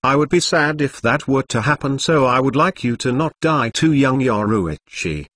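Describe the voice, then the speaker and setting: A man's voice: mid-range voice, animated, normal speed, fairly bright tone, no echo, clean studio sound. Synthetic male voice reading a teasing ninja dad. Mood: serious. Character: playful, teasing ninja father, secretly serious. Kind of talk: text-to-speech story reading.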